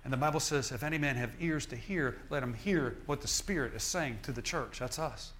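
A man's voice: medium pitch, a little fast, a bit bright, slight background noise. A male minister preaching a sermon in an emphatic, repetitive style, often restarting his phrases.

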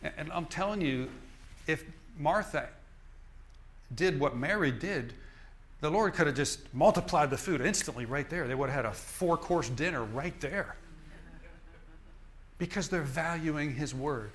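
A man's voice: fairly high pitch, expressive, unhurried, a bit bright. A male minister preaching a sermon in an emphatic, repetitive style, often restarting his phrases.

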